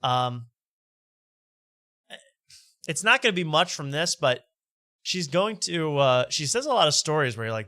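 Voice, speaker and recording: A man's voice: a little high, lively intonation, moderate pace, pauses often, pushed and bright, dry recording, clean studio sound. A man hosting a comedic late-night talk show, rambling and mocking as he halts on fillers.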